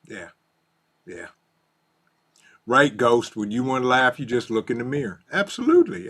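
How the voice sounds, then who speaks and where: A man's voice: mid-range voice, very animated, moderate pace, creaky, long pauses, breathy edge. A man hosts a casual live stream, reading out viewer comments, laughing easily and coaxing his dog. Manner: easygoing, laughs often, talks softly to his dog.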